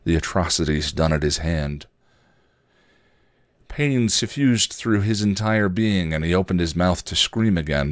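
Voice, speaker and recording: A man hosting a podcast, reading a story aloud in a steady, even way. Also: sits low, no room sound. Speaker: podcast host and story reader. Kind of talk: storytelling narration.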